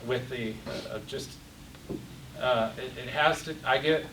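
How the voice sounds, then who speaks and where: A man's voice: medium pitch, a little slow, a bit bright. A middle-aged man teaching an interactive Bible class, passionate, getting worked up and repeating words. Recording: roomy, distant, faint hiss.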